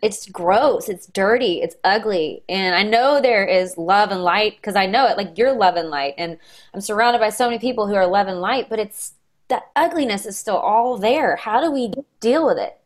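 A young woman hosting a casual conversation, speaking warmly and emotionally, her voice choked up at times. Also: mid-range voice, animated, moderate pace. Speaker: host.

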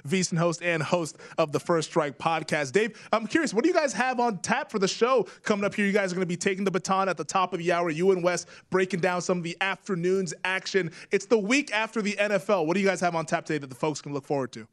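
Upbeat guy hosting a betting show, slightly high voice. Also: fairly bright tone. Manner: upbeat, brisk host delivery. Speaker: radio show host. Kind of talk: sports betting radio talk.

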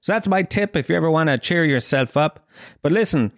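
A man's voice: on the high side, animated, a little fast, no echo. A young Irish man hosting his own podcast, telling rambling, profane, jokey stories into a close mic. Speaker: podcast host. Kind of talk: comic monologue.

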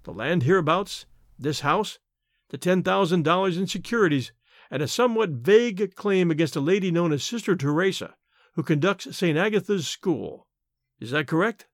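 Unruffled Irish lawyer, slow and courteous, dry close sound, read by a male narrator. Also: sits high, sing-song, no echo. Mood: composed. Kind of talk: audiobook reading.

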